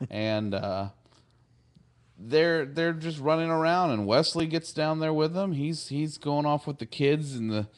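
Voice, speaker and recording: A man's voice: on the high side, unhurried. A man in a casual podcast chat who retells a TV episode in a loose, rambling way, chuckling and filling gaps with "like" and "you know.". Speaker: podcast co-host.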